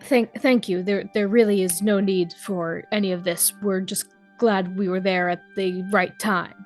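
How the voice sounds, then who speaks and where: A woman's voice: mid-range voice, steady tone, moderate pace, soft background music, natural voice. A woman voicing a staunch, strong female adventurer who speaks modestly and earnestly. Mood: humble.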